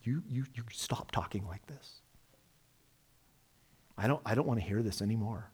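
A preacher doing a hushed, flustered disciple. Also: male voice, on the low side, slight background noise, pitched below the performer's own voice, close to an everyday voice. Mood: hushed urgent. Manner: hushed, urgent and quick. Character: flustered male disciple pulling his teacher aside.

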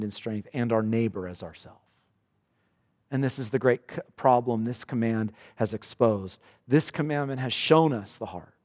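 A man preaching a sermon in earnest. His pitch rises for questions and drops low and slow for solemn passages. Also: darkish tone. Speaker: pastor. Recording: long reverb of a church hall.

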